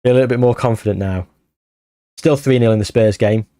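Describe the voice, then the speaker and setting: A man commentating his football management game as he plays, anxious and short of breath, bursting into excited shouts at near misses. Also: mid-range voice, brisk, no echo, studio quality. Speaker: gaming YouTuber.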